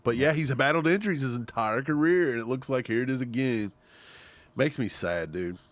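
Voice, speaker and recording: A man's voice: mid-range voice, moderate pace. A man from Kentucky co-hosting a fan show, joking in casual livestream banter. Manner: animated, joking.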